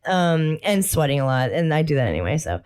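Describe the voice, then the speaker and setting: A young adult woman talks casually as a podcast co-host, her voice sitting a little low. She rambles and giggles through her points. She is close to a studio mic. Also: big pitch swings, a little fast, a little mellow, clear, resonant tone. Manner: giggly and rambling, laughing often mid-sentence. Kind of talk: casual chat.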